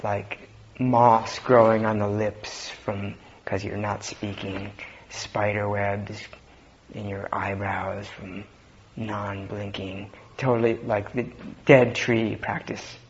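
Male Zen teacher, unhurried, halting delivery, muffled lo-fi recording. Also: lowish voice. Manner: relaxed, halting, with frequent fillers and soft laughs. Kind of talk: dharma talk. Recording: dull lo-fi recording with faint noise.

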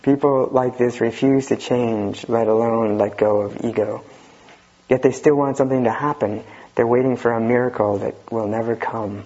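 Husky male Zen teacher, dry wit, lo-fi recording. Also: medium pitch, fairly even intonation, normal speed, dark tone. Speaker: Zen teacher giving a talk. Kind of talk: dharma talk reading and commenting. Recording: dull lo-fi recording.

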